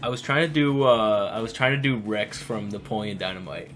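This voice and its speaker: A man's voice: fairly low pitch, fairly quick, a bit bright, soft background music. A man co-hosting a comedy podcast, laid-back and wry in casual chat. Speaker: podcast co-host.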